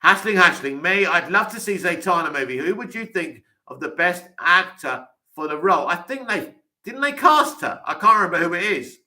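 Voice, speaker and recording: A man's voice: high voice, lively intonation, moderate pace, pushed and bright. A man with an English accent, hosting a live stream, reading viewer comments aloud and answering them with blunt, dismissive opinions.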